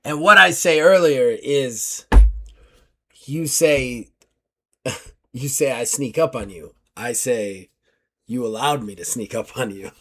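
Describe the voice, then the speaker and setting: A man voicing a tough, muscular woman fighter who speaks in halting, broken sentences. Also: mid-range voice, a bit bright. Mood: correcting.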